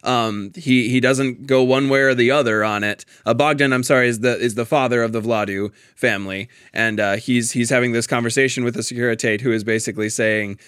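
A man's voice: medium pitch, steady tone, fairly quick, hardly any pauses, fairly bright tone, smooth, no echo, studio quality. A man in a casual, thoughtful discussion of a play, often restarting his sentences and laughing lightly.

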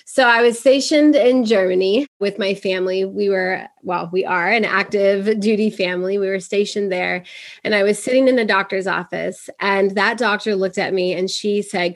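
A middle-aged Puerto Rican woman, a guest on a podcast, tells her story in a lively, casual manner at a moderate pace and medium pitch. She's animated, acting out the voices of the people she quotes.

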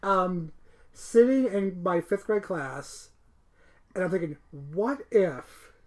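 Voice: mid-range voice, lively intonation, slow pace. A podcast co-host in their forties from Buffalo, New York, talking in a rambling, casual way with many fillers. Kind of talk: casual chat.

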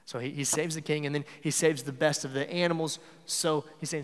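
A man's voice: fairly high pitch, steady tone, brisk. Man preaching in a reverberant hall. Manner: conversational, acts out quoted lines. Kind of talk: sermon.

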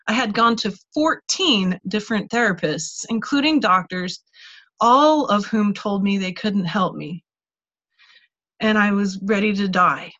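A woman's voice: medium pitch, a bit bright, muffled recording. A woman giving a candid, conversational teaching talk and personal testimony, with casual restarts and frequent "like.". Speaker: speaker teaching healing tools.

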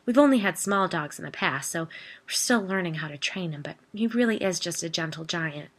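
A woman voicing a flustered, rambling woman homeowner in a storybook reading, apologetic and raised in pitch and volume. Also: animated, brisk.

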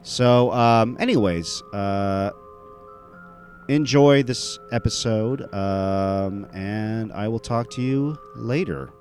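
In a casual solo podcast intro, a male host talks in a rambling way, full of fillers and restarts. His voice is fairly low and a little mellow, his pace slow, with faint music in the background.

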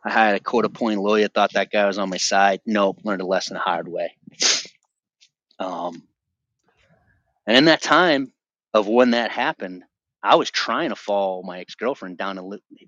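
A man's voice: on the low side, normal speed, fairly bright tone, dry recording. Intense man telling his testimony, dull dry sound. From Boston area. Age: 40s. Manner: intense, emphatic, restarts often. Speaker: podcast guest. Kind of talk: personal testimony storytelling.

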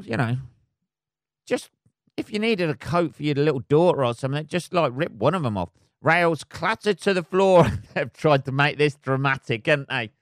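Sweary podcast host, sarcastic rambler, a bit high-pitched, smooth, dry close mic. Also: male voice, a bit bright, no echo. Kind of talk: casual solo podcast rant.

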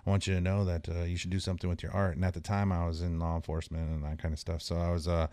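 A man in his forties, a guest on a podcast, telling stories in a rambling, halting way with many fillers and restarts. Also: deep voice, flat delivery, warm tone, dry recording. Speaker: podcast guest, tattoo artist. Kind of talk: casual storytelling chat.

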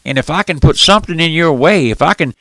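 An older preacher with a squeaky, folksy voice, rising and falling with fervor and a gravelly edge. He preaches a radio sermon, repeating himself and addressing his listeners as friends. The sound is dry and close. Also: animated, fast talker, sharp tone, no room sound. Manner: fervent, repetitive, calls listeners friend and folks.

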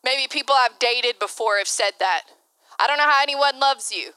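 A woman pastor delivers a candid, personal sermon, laughing often and slipping into the voices of people she quotes. Her voice sits high and bright with a smooth, clear tone. The sound is dry and close, with no room around it. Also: normal speed, dry recording.

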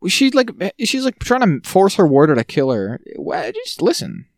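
A man co-hosting a podcast in casual chat, ranting in an exasperated way with sudden jumps in pitch. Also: sing-song, normal speed, no room sound, clean studio sound. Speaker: podcast co-host.

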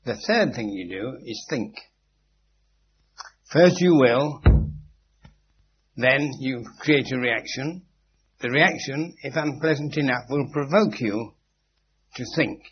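A man of middle pitch gives an informal spiritual lecture to a group in a meeting room. His delivery is emphatic and instructive, with dry witty asides. The old tape sounds dull and carries a faint steady hum. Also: slow, long pauses. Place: meeting room with a live audience.

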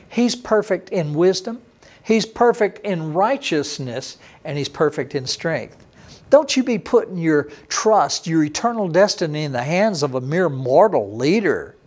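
A middle-aged male pastor delivers a sermon in a slightly high voice. He preaches emphatically, with loud, lifted bursts that fall back to low, quiet stretches. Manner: emphatic preaching with sudden rises and drops in pitch and loudness.

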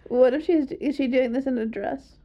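A woman's voice: high voice, normal speed, lo-fi sound. A woman co-hosting a podcast in casual chat, mostly giving short reactions and joking back. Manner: brief reactions, laughs along. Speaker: podcast co-host.

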